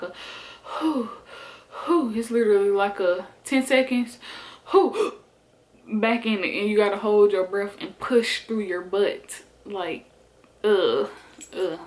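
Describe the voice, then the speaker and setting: A young woman speaks into her camera in a casual storytime. She is chatty and animated, peppering her talk with "like" and "y'all". She sounds relaxed and conversational. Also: medium pitch, rough recording. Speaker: vlogger.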